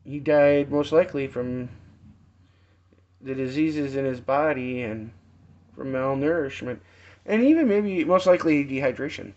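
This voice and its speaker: Male preacher, unhurried and halting, retells a parable; muffled low-fi sound. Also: darkish tone. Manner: slow, halting storytelling with restarts and acted quotes. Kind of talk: informal sermon retelling a parable. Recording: dull lo-fi sound.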